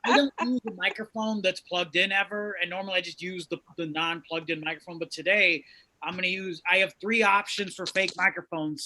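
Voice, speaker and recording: A man co-hosting a comedy show, riffing loudly with rambling, profane jokes. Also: sits high. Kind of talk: stand-up banter.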